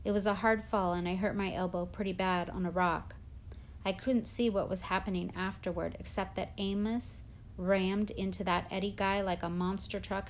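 A woman narrating a children's novel in a plain, steady storytelling manner. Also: mid-range voice, a little hiss or hum. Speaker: audiobook narrator. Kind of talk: scripted narration.

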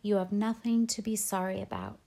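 A woman voicing a tender, patient, middle-aged mother in a read-aloud storybook, speaking in a soft, soothing murmur. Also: medium pitch, big pitch swings, moderate pace, vocal fry.

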